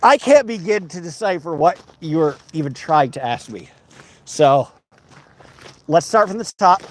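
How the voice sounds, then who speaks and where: A man's voice: fairly high pitch, lively intonation, a little slow. A man livestreaming while walking outdoors, reading viewer comments aloud and bantering with his chat.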